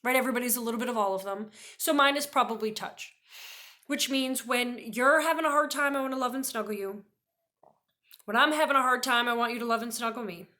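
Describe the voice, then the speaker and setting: A woman educator talks through a lesson in a relaxed, chatty way, stopping often to check in with her listeners. Her voice is bright and a little sharp, set somewhat high for a woman. She tells her stories with lively energy. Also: a little fast. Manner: chatty, peppers talk with "right?"; lively storyteller who acts out quoted voices. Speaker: behavior educator. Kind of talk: casual teaching talk to camera.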